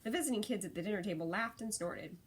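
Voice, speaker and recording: A woman reads a story aloud in a gentle, steady narrating voice. Her tone is breathy and her pitch sits in the middle. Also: fast, rough recording. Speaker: audiobook narrator.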